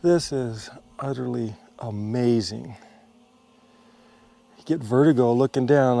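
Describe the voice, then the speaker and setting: A mellow-voiced American man of medium pitch narrates a camping vlog slowly, with vocal fry and long pauses, holding an action camera. The travel vlogger sounds easygoing and chatty, laughing and using fillers outdoors at a desert cliff and campsite.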